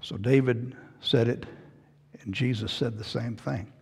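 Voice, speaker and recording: A man preaching a sermon, moving between hushed, low passages and loud, raised passages. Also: steady tone, unhurried, creaky, slightly rough. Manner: dramatic swings from hushed to loud. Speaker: pastor. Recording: hall reverb.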